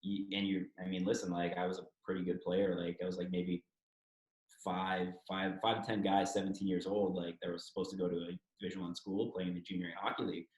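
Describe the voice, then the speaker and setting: Man, low voice, candid storyteller, swears casually, echoey room. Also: flat delivery, a little fast, darkish tone. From Toronto, Canada. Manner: candid, swears freely, acts out quoted speech. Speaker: guest, former hockey player.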